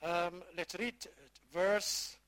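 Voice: mid-range voice, steady tone, a bit bright. A preacher giving a sermon from the Bible, often repeating phrases and quizzing the listeners with questions. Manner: emphatic, stretching key words slowly.

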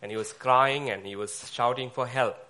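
A man preaching a sermon, speaking haltingly with fillers and pauses. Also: mid-range voice, bright, forceful tone.

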